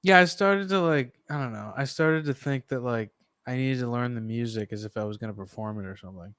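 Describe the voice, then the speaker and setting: A man in a casual podcast chat, jokey and self-deprecating, trailing off quietly at the ends of lines. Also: mid-range voice, a little fast, clear, resonant tone, no echo.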